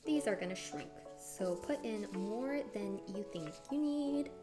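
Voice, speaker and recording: A chatty woman streams herself cooking and talks it through as she goes, answering her chat along the way. She jumps into high, excited exclamations when something catches her interest. Music plays clearly behind her. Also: unhurried. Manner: chatty, thinks aloud, reads chat and answers it. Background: background music.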